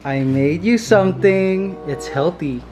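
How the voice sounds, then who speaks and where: A man hosting a casual vlog at home, playful and animated, his voice jumping up high when he gets excited. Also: unhurried, soft background music. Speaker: vlogger host. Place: apartment indoors.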